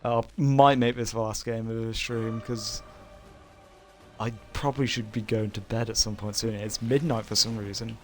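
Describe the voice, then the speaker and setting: A young British man with a fairly low, steady voice chats casually at a moderate pace while streaming a game, soft music playing behind him. His talk rambles and hesitates, full of fillers, and he laughs briefly between remarks.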